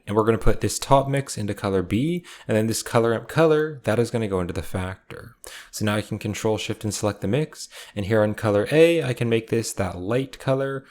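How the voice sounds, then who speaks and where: Calm lower-voiced man teaching software. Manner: calm, methodical, explains each click. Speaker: software tutorial instructor. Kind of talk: step-by-step screen-recorded tutorial narration.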